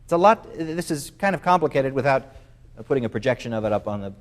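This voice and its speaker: A man's voice: medium pitch, animated, fast. Man, music clinician, masterclass coaching, talks through ideas with fillers, sings bits of phrases on syllables. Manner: thoughtful, with many fillers.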